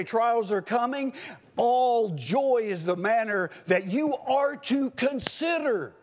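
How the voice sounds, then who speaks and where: A man preaching a sermon in a slow, deliberate teaching cadence. His voice sits high and swoops widely in pitch as he stresses key words. He explains step by step and sometimes raises his voice for emphasis. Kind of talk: expository sermon.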